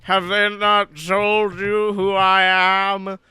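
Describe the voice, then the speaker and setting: A man voicing a grand male sea god with a deep, ethereal, echoing voice, speaking in slow, loud, pompous proclamations. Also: monotone, clean tone, exaggerated voice. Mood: booming. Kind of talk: improvised comedic voice.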